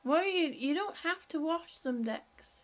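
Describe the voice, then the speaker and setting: A woman with a high, expressive voice takes her time as she hosts a casual live stream from home. She rambles, laughs often, and talks to her pets along the way.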